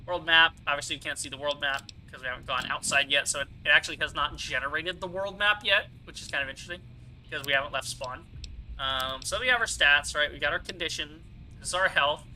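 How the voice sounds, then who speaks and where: A young man streaming a video game, talking casually and explaining each mechanic as he goes, with plenty of asides. His voice is very bright and sits a little high for a man, close to a desk mic with a faint hiss behind it. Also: fast, rough recording. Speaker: gaming streamer. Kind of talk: casual let's-play commentary.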